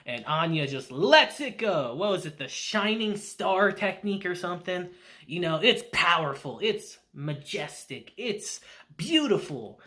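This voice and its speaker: A man reviewing an anime episode in casual, excitable chat, laughing often. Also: sits high.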